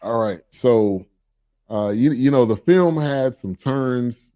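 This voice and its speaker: Mellow, easygoing podcast host. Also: male voice, mid-range voice, slow, no echo. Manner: agreeable, steady explaining with frequent "right" and fillers. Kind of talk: casual chat.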